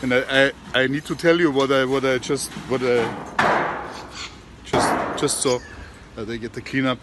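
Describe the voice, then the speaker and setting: A man telling a joke to his camera outdoors at an industrial estate, halting and restarting his words as he goes. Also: mid-range voice, fairly even intonation, heavy background noise. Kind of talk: casual storytelling to camera. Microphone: handheld camera.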